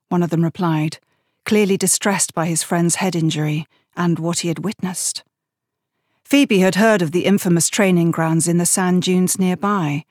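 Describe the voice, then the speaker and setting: Woman, audiobook narrator, measured, steady, lowish pitch, dry close sound. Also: no echo. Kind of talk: scripted narration.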